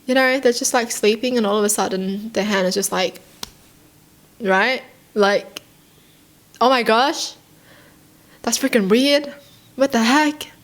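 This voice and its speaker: This is a young woman chatting casually as she reacts on her own channel. She sounds curious and easily excited, and piles up questions one after another. Her talk is full of "like" and loose, chatty asides. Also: a little high. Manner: excitable and curious, heavy use of "like", rapid questions. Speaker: vlogger reacting to read-out stories.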